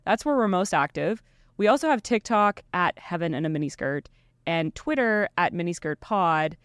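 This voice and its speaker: A woman's voice: on the low side, animated, normal speed, clear, resonant tone, no echo, studio quality. A woman co-hosting a podcast, talking casually, laughing often and swearing freely. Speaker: podcast co-host.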